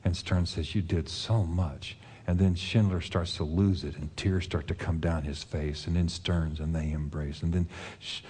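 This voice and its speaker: Man preaching, earnest storytelling, deep voice, husky tone. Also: dark tone. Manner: earnest storytelling, retelling a film scene with quoted lines. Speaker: pastor. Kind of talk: sermon.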